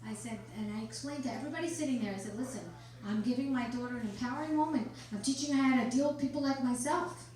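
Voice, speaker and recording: A middle-aged woman performing a crude stand-up comedy set on a club stage, delivering brash deadpan punchlines to the crowd. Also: fairly high pitch, fast talker. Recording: roomy club sound from a distance with crowd. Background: audience laughter.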